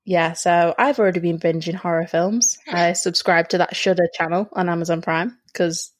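A woman's voice: on the low side, steady tone, moderate pace. Sarcastic young woman podcast co-host. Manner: sarcastic, swears casually. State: irritated wisdom tooth. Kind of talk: casual chat.

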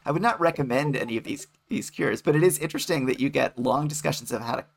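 A man co-hosting a scholarly podcast, explaining in a relaxed, wry way. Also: medium pitch, fast talker, gravelly. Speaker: podcast co-host, literary scholar. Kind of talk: casual scholarly chat.

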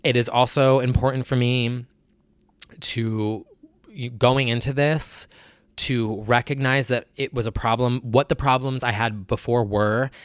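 A man's voice: mid-range voice, fairly even intonation, measured pace, smooth, no room sound. A man talking candidly to his viewers in a personal vlog, with a nasal voice and an earnest, rambling way of talking that keeps correcting itself. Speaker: vlogger.

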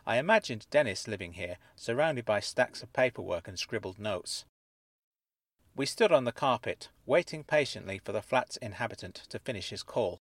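A man's voice: fairly low pitch, expressive, normal speed, dry recording. A man narrating a first-person mystery story in an earnest storytelling way.

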